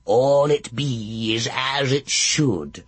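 A man's voice: mid-range voice, drawn-out words, breathy edge, no echo. A man voicing a wicked old female witch who speaks curtly and snarls her questions. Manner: curt, snarling.

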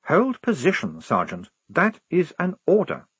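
A man's voice: on the high side, wildly swooping pitch, unhurried, fairly bright tone, slightly rough, no echo, pitched above the performer's own voice, heavily acted. A man voicing a fussy young male army lieutenant who wheezes with asthma and insists on giving orders. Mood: prim. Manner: prim, insistent officer's voice.

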